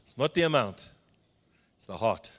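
A middle-aged man with a South African accent, a pastor preaching a sermon in an animated storytelling way, dropping in Afrikaans phrases. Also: medium pitch, normal speed.

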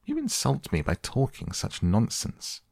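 A man's voice: low-pitched, wildly swooping pitch, a little slow, vocal fry, a little mellow, breathy edge, dry recording, studio quality, heavily acted. A man voicing an easily offended mouse in a storybook, speaking sharply and indignantly. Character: touchy, angry mouse.

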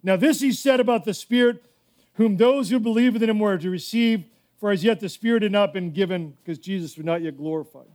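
A man's voice: sits high, a little fast, a little mellow. A male pastor preaching a sermon in a fervent, emphatic way, often repeating himself.

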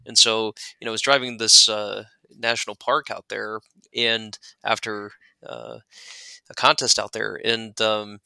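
A man with a gravelly, bright voice talks in a loose, rambling way, circling back with fillers and restarts. The sound is dry and close, with no room around it. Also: on the low side, little pitch movement, measured pace, no room sound. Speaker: guest glider pilot. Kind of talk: casual interview chat.

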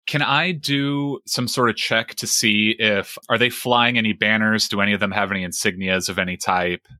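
Low, bright-voiced man playing a tabletop game. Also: steady tone, normal speed, no echo. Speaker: player. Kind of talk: casual tabletop play.

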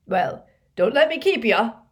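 A shifty little crook blusters in a loud, raised voice, eager to get away, as a woman acts him out. He sounds evasive and cornered. It comes across as a storybook reading. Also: fairly high pitch, sing-song, measured pace, vocal fry, pitched above the performer's own voice, heavily acted. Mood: blustering. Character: shifty squat male petty thief, evasive.

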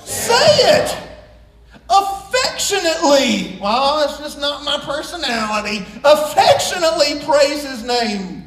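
A man preaching a sermon to a congregation, joking and swinging from hushed asides to loud shouts. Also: sits high, distant mic. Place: church sanctuary. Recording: echoey room, voice from off-mic.

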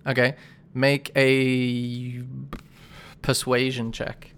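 A man's voice: medium pitch, completely flat delivery, very slow, fairly bright tone, slight background noise. A man narrating and running a tabletop role-playing game, talking casually and thinking aloud. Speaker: game master.

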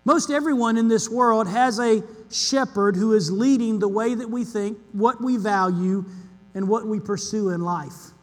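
A man's voice: high voice, a little slow. A man preaching an earnest sermon as pastor, leaning on emphatic repetition. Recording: long hall reverb.

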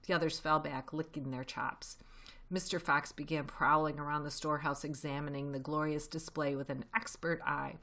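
A woman reading a children's novel aloud in a steady, expressive storytelling voice. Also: sits low, moderate pace. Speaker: reader.

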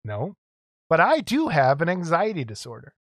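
A man's voice: fairly high pitch, huge pitch swings, moderate pace, no echo. A man co-hosting a podcast in casual banter, defending how he mumbles when nervous. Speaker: podcast co-host.

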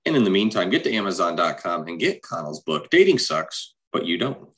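A man's voice: fairly low pitch, sing-song, fairly quick, gravelly. A man co-hosting a podcast in casual chat, making laid-back, dry remarks. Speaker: podcast co-host.

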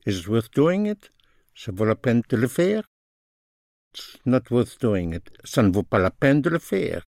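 A man teaches a language lesson at an unhurried, deliberate pace, repeating each phrase and explaining the grammar as he goes. His voice sits in an ordinary middle register, and the recording is dry and close with no room sound. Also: medium pitch, vocal fry, a little mellow, no echo. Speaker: French teacher.

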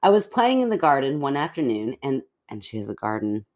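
A woman with a very deep voice co-hosts a chatty podcast. She reads listener stories aloud in an animated way and reacts with quick laughs and gasps. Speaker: podcast co-host. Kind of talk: casual chat and reading listener stories aloud.

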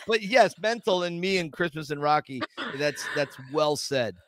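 A man's voice: fairly high pitch, a little slow, background noise. A man co-hosting a podcast, chatting casually and animatedly, laughing easily. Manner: animated, laughs easily, uses fillers like "like" and "you know". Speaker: podcast co-host.

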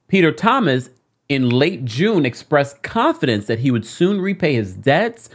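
A woman's voice: low voice, measured pace. A woman with a London accent co-hosting a podcast, reading a news report aloud and reacting to it as she goes. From England. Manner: animated, breaks off reading to react. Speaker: podcast co-host.

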